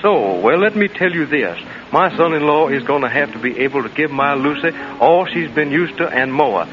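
A gruff, demanding old Southern father played by a man lays down the law to a would-be son-in-law. His voice sits a bit high, and the recording is muffled with faint hiss. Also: expressive, normal speed, natural voice. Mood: stern. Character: stern old Kentucky mountain father. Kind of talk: old-time radio comedy. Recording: muffled old radio broadcast.

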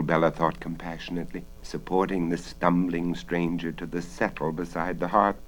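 A man reading a story aloud with dramatic expression, often dropping into hushed whispers for suspense. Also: low voice.

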